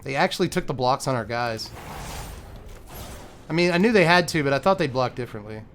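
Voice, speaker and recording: A young man giving live commentary on his own card game, excitable and muttering, groaning at bad draws. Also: mid-range voice, brisk, slight background noise. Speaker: gaming content creator.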